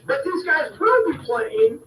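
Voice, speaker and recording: Male guest, hesitant and chatty, slow delivery, distant roomy sound with faint room hum. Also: very high-pitched, sing-song, bright, forceful tone. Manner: rambling, hesitant, laughing. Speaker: guest musician promoting a show. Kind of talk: casual chat. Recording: roomy echo, distant from the mic.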